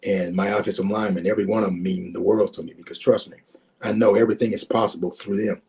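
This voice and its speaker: A man's voice: steady tone, fast talker, creaky, darkish tone. A man in his sixties, a former football player as guest, telling heartfelt stories over a video call, repeating words and acting out past conversations. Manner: repeats words, acts out quoted exchanges with rising pitch. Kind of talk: emotional storytelling.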